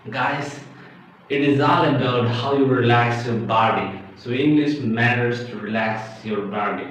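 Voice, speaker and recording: A man with an Indian accent giving an animated English lesson, exclamatory and playacting confused learners. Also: medium pitch, a little slow. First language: Indian language. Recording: echoey, distant, dull lo-fi with faint hiss.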